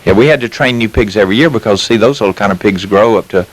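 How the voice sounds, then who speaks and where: A man's voice: on the low side, fast talker, low-quality recording. A man in his fifties with a Southern US accent from Mississippi, telling folksy anecdotes with chuckles as an interview guest, a little tired. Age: 50s. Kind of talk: casual storytelling interview. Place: mobile home sales lot.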